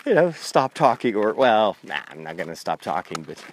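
A Catholic priest with a fairly low, very animated voice talks at normal speed about his journey while walking a country path outdoors. His podcast monologue is rambling and conversational, full of restarts, recorded on a lavalier mic on his phone with slight background noise.

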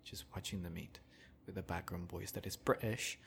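A man's voice: low voice, fairly even intonation, moderate pace, creaky, fairly bright tone, a little hiss or hum. A young man hosting a casual solo rant, rambling and joking with frequent chuckles. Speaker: podcast host.

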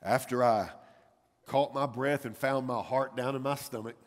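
A man in his thirties preaching a sermon to his church, telling a family story with animated swings between loud and hushed delivery. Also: mid-range voice, moderate pace. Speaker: pastor. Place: church sanctuary. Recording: church hall with long reverb.

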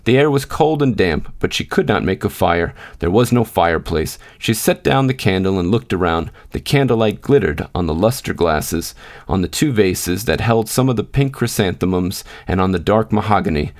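Low-voiced man reading a story. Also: expressive, normal speed. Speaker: podcast host and reader. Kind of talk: scripted narration.

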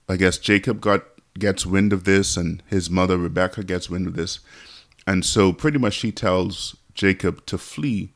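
Male Bible teacher, very low voice with some fry, conversational, reads verses aloud. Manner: conversational, thinking aloud with asides.

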